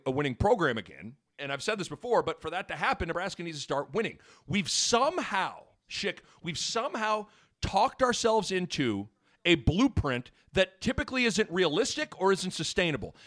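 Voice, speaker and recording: A man's voice: high voice, a bit bright. A man hosting a sports talk show, rambling casually and joking, piling on analogies. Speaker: sports radio host.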